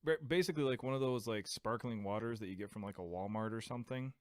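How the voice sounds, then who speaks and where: A man's voice: medium pitch, fast talker, no echo, clean studio sound. A man co-hosting a casual podcast, talking loosely and padding his sentences with "like". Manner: loose and chatty, with heavy use of "like". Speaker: podcast co-host.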